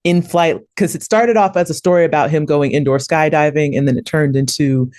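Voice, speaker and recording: Just a woman chatting on a podcast, animated storyteller, laughs a lot, dry close sound. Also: sits low, fairly quick, no room sound. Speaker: podcast co-host. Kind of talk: casual chat.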